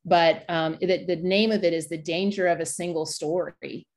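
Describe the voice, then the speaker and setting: A woman leading a workshop discussion, retelling a story in a lively way and acting out the quoted voices. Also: on the low side, moderate pace. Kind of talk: conversational storytelling.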